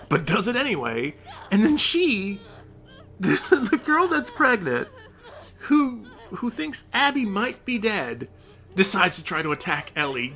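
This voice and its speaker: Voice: mid-range voice, pushed and bright. A gaming commentator in a profane, exasperated rant about a game, with frequent outbursts of rising disbelief.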